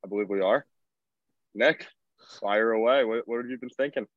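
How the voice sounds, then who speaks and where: Low-voiced man on a dull, dry mic. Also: moderate pace, dry recording. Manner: easygoing, moves the show along. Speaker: podcast co-host. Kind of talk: casual chat.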